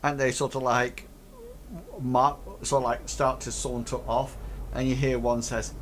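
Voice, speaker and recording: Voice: medium pitch, level tone, unhurried, slight background noise. A game master narrating a tabletop game, hesitant and full of fillers.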